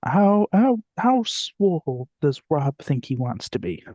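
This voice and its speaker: Young man, podcast co-host, lively joking voice, dry close sound. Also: on the high side, slow, no room sound. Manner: laughs often, jokey, puts on silly voices for quotes. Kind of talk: casual chat.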